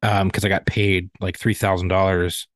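A man's voice: low-pitched, level tone, dry recording, studio quality. A man co-hosting a podcast, telling a profane, heated story in casual chat. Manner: fast, profane ranting storyteller. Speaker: podcast co-host.

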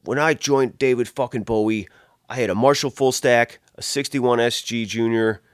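A man's voice: mid-range voice, fairly even intonation, normal speed, no room sound, clean studio sound. A man who builds guitar pedals, telling long rambling stories in casual chat, swearing often and acting out the voices in his stories. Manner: rambling storyteller, heavy swearing, acts out quoted dialogue.

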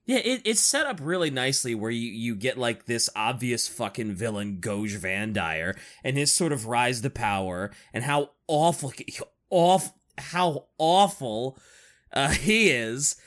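A man's voice: mid-range voice, sing-song, measured pace, a bit bright. A young man co-hosting a podcast in casual chat, laid-back, laughing often and swearing casually. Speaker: podcast co-host.

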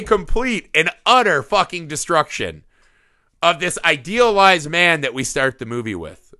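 A man in his thirties, co-hosting a casual movie review podcast, animated and profane, laughing often. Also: on the high side, unhurried. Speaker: podcast co-host.

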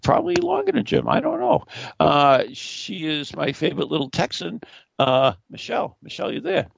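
A man's voice: on the high side, big pitch swings, moderate pace, gravelly, dull audio, slight background noise. A middle-aged man hosting a call-in radio show, rambling and self-deprecating, with frequent stammers and restarts. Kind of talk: casual call-in radio chat.

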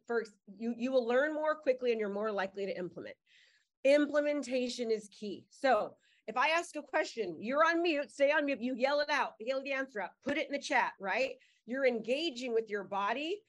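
A middle-aged woman coaching a live webinar on a video call, upbeat and fast-talking, calling out names from the chat. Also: fairly high pitch. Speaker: marketing coach.

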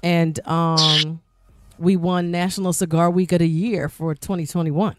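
A woman's voice: fairly low pitch, steady tone, measured pace, over music. A middle-aged woman guest-hosting a podcast, telling stories in a chatty, rambling way. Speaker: guest host. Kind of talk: casual podcast chat.

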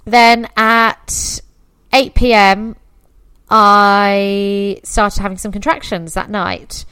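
Candid chatty woman, smooth dry voice. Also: mid-range voice, extremely slow, no room sound. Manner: chatty, candid and expressive, quoting herself. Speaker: podcast guest. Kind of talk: casual birth story telling.

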